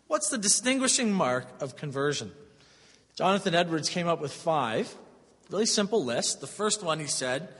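A man's voice: on the high side, lively intonation, normal speed, sharp tone, husky. A middle-aged man, a pastor, preaching a sermon in a conversational way with personal stories. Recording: long hall reverb.

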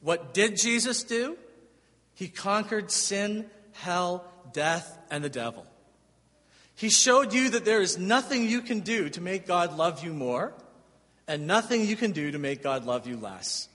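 A man's voice: high voice, animated, unhurried, a bit bright. A man preaching a sermon as pastor, emphatic and conversational, asking the congregation rhetorical questions. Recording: long hall reverb.

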